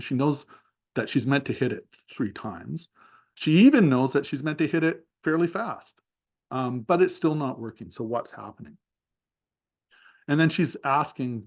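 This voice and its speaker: A man's voice: mid-range voice, darkish tone, muffled recording. A man giving a seminar talk over a video call, thoughtfully narrating a session step by step with many fillers. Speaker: seminar speaker.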